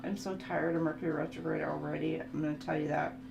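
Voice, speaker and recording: A woman's voice: low-pitched, fast, creaky, dull audio, music in the background. A woman giving a casual oracle card reading, chatting and laughing as she reads the card text aloud. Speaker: tarot reader. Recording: echoey room with steady hum.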